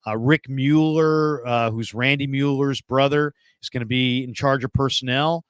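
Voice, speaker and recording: Man in his fifties, middle pitch, rambling anecdotal guest with lots of fillers. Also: fairly even intonation, moderate pace, clear, resonant tone, no echo. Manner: rambling, many fillers and restarts. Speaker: guest, former NFL scout turned radio host. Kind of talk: casual storytelling interview.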